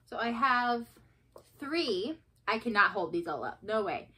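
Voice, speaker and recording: A woman's voice: on the high side, animated, a little slow, pushed and bright, breathy edge, rough recording. A woman in her twenties chatting casually to her channel, rambling and gushing with lots of fillers, sometimes sinking to a whisper. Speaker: vlogger. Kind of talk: casual chat.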